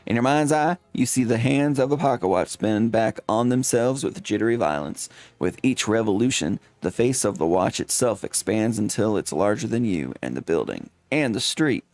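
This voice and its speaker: A man's voice: on the low side, expressive, normal speed, few pauses, darkish tone, dry recording. A man streaming a game, reading its text aloud with dramatic flair and playful asides.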